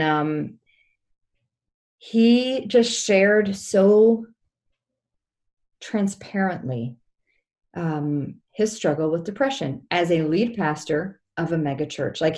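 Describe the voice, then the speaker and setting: A woman's voice: on the low side, slow pace, a little mellow. A woman, a pastor's wife, telling a personal story as a podcast guest in an earnest, heartfelt way. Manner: earnest, heartfelt, many restarts.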